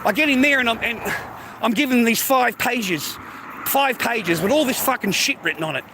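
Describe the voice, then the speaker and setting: A man's voice: extremely high pitch, normal speed, noisy background. A man with an Australian accent ranting in a casual, heated, profanity-filled monologue. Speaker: streamer.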